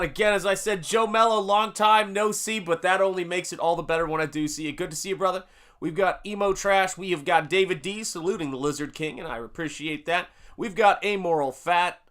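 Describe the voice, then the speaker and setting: An upbeat American livestream host paints while calling out chat names, his speech full of casual fillers. The voice is a man's, on the high side with a fairly bright tone.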